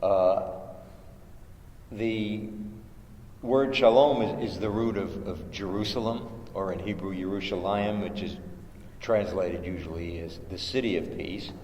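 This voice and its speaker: A man leading a contemplative prayer workshop, giving gentle instructions with hesitant restarts and chanting syllables. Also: low voice, a little slow. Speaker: meditation teacher. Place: large chapel with long reverb. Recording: echoey chapel recording, faint hiss.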